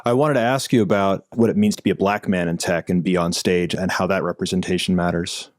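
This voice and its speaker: A man's voice: sits low, steady tone, a little fast, no echo, studio quality. A man hosting a podcast who asks his guest long, thoughtful questions. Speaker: podcast host. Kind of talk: interview questions.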